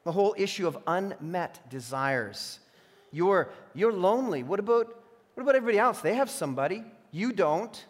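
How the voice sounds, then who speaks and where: A high-pitched male pastor delivers a sermon in a big hall with a long echo. He swings from emphatic, ringing points to hushed, needling asides. He voices the imagined whispers of temptation. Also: expressive, normal speed. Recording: long reverb of a large hall.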